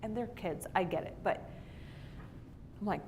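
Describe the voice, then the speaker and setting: A woman teaching a women's Bible class in a church classroom, telling lively stories and acting out what people said. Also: mid-range voice, measured pace, background noise. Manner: animated storyteller who acts out quotes. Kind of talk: storytelling church lesson.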